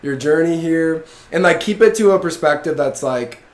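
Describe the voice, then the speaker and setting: A man's voice: fairly high pitch, moderate pace. Young male podcast host, loose and profane, recorded in a roomy space. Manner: loose, swears casually, laughs, many "like" fillers. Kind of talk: casual podcast chat. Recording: echoey room.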